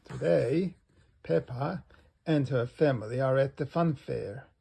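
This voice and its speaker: A man reading a children's storybook aloud in a slow, gentle way. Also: medium pitch, vocal fry, breathy edge. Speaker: storybook reader.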